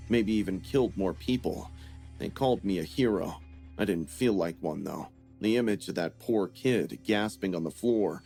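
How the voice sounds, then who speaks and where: A man giving a scripted first-person horror narration in a steady, grim storytelling manner. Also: deep voice.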